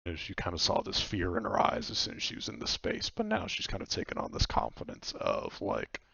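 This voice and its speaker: A man's voice: low-pitched, wildly swooping pitch, a little fast, creaky, a bit bright, breathy edge, no echo, dull audio. A man narrating a tabletop game as game master, in a casual, loose way.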